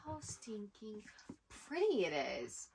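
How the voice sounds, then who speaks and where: A woman's voice: fairly high pitch, sing-song, takes it slowly, a little mellow, a little hiss or hum. A woman co-hosting a casual book haul chat with her sister, rambling and chatty, with lots of "like". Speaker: co-host of a twin sisters' book channel.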